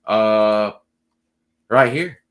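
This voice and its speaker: Soft-spoken polite guy hosting, lowish voice, asks nicely. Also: extremely slow. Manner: polite, short encouraging replies. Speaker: podcast host. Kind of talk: casual interview chat.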